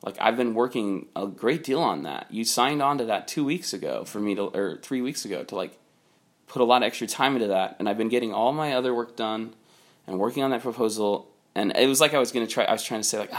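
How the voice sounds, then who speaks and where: A man's voice: mid-range voice, a little fast. A man casually telling a long personal story about his boss, rambling with many fillers. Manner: rambling, many "like" fillers, quotes people in raised voice. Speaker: storyteller recounting a work conflict.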